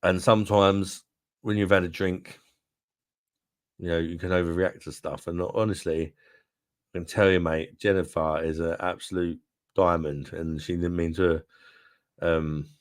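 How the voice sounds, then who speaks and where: A man's voice: low-pitched, fairly even intonation, moderate pace, long pauses, no room sound, studio quality. A man hosting a casual live stream, chatting to viewers in a rambling way with frequent laughs. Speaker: beer review channel host.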